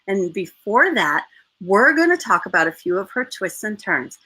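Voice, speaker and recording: A woman's voice: mid-range voice, big pitch swings, normal speed, pushed and bright, slightly rough, rough recording. Upbeat woman hosting a live podcast. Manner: upbeat, enthusiastic. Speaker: podcast host. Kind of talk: live interview. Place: New Zealand.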